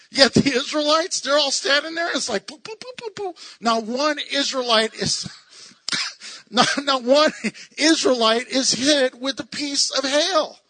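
A man teaching a Bible passage in a lively, excitable way, laughing often and acting out the voices he quotes. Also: very high voice, no echo. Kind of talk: animated Bible study teaching.

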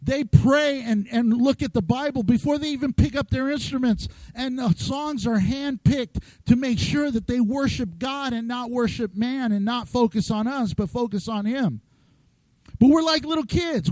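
A middle-aged man preaching a lively, joking sermon as pastor, acting out quoted voices. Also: very high-pitched, no room sound, low-quality recording.

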